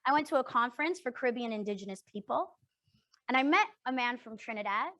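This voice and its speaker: A young adult woman from Canada leading an interactive workshop, speaking earnestly and emphatically and often checking in with a quick "right?". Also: fairly high pitch, animated, sharp tone, no echo. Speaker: workshop facilitator.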